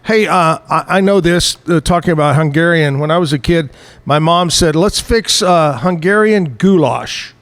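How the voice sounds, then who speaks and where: A man's voice: a little high, normal speed, a bit bright. Chatty, joking male talk show host. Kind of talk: casual interview chat. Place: live show at a bar stage.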